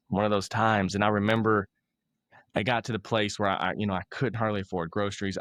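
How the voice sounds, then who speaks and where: A man's voice: on the low side, a bit bright, no room sound, clean studio sound. Man telling a self-mocking story. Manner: self-mocking, laughs at himself, acts out other people's lines. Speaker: motivational speaker, podcast guest. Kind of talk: casual storytelling interview.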